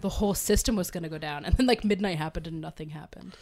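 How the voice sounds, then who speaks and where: A woman's voice: on the low side, fast talker, a little mellow. A woman co-hosting a podcast in casual chat, speaking with a sick voice and filling her talk with "like". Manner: chatty, laughing often, heavy use of "like". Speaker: podcast co-host.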